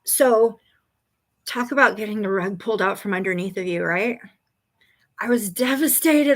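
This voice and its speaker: A woman hosting a live stream as a psychic reader, chatting in a bubbly, excited way and telling a story with laughs. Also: medium pitch, normal speed. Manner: bubbly, excited, greeting viewers by name. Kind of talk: casual live-stream chat.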